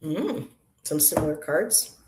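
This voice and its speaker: A woman's voice: low-pitched, big pitch swings, slow pace, background noise. A woman hosting a casual livestream, chatting with viewers by name and doing card readings, rambling and laughing often. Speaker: tarot reader and livestream host. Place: apartment room.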